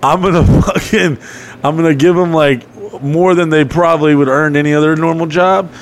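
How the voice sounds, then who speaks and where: A man's voice: a little high, steady tone, normal speed. A man casually telling long, profane stories on a podcast, laughing as he goes. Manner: profane, rambling, laughing storyteller. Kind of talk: casual storytelling chat.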